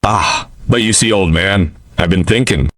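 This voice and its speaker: Guy doing a big mocking outlaw, deep low voice, dry sound. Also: measured pace, fairly bright tone, no room sound. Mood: sneering. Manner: mocking and threatening. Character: menacing burly male outlaw with a Texas drawl.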